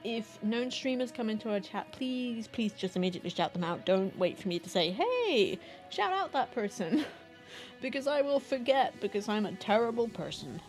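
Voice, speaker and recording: Woman streamer, casual rambling chat, self-deprecating, quiet music in the background. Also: medium pitch, expressive, fairly quick, few pauses.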